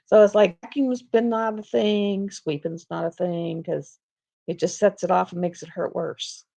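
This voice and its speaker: A woman's voice: on the low side, steady tone, unhurried, vocal fry, mellow. A woman hosting a casual livestream, rambling chattily and telling stories with frequent laughs. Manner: chatty, storytelling, laughs often. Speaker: livestream host. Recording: dull lo-fi stream audio.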